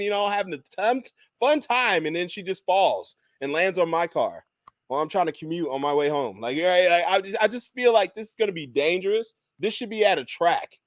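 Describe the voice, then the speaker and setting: A man's voice: sits high, no room sound. A man hosting a podcast, ranting in casual chat with lots of profanity. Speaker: podcast host.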